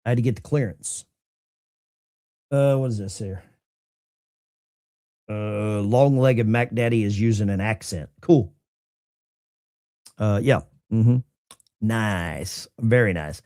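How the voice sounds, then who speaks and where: A man hosting live political commentary, incredulous and animated, talking straight to his chat. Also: on the low side, slow pace, pauses often.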